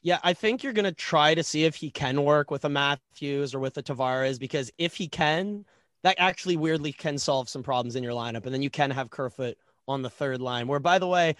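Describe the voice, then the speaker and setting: A man with a fairly high voice talks bluntly on a podcast. He presses with quick, pointed questions, and the sound is dry and close. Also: dry recording. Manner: blunt, rapid-fire questions. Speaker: podcast co-host. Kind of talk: casual sports talk.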